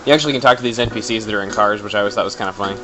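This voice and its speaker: A young man casually commenting on a video game, chatty, quick and jokey. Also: lowish voice, over music, low-quality recording. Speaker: let's play commentator.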